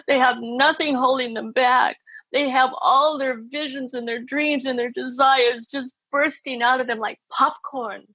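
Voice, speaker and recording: A woman's voice: sits high, bright, forceful tone, breathy edge, dry recording. A woman spiritual teacher speaking as a podcast guest, earnest and emphatic, often repeating her phrases for stress. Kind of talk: podcast interview.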